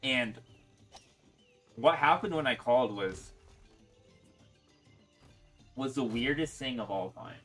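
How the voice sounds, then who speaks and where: A man's voice: medium pitch, lively intonation, takes it slowly, pauses often, fairly bright tone, faint music behind. A young man chatting casually while gaming, rambling and swearing freely as he tells a story. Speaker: gaming streamer. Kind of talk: casual chat while playing.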